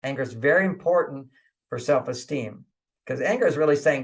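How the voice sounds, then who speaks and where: A man with a gravelly, creaky voice talks through relationship advice as an interview guest. He chuckles often and comes back to his points with a repeated "okay". His pitch stays in an ordinary middle range for a man. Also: animated, fairly quick. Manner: acts out inner voices in quotes.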